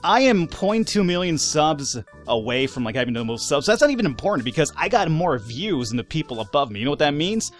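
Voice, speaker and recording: Animated man doing let's-play commentary. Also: a little high, fairly quick, hardly any pauses, soft background music. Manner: animated, swearing, laughing, talking to the game characters. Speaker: gaming YouTuber.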